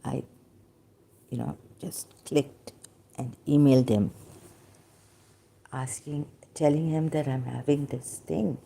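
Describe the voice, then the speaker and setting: A woman, hoarse from losing her voice, talking haltingly with many pauses and fillers in a personal video monologue. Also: extremely low pitch, mellow.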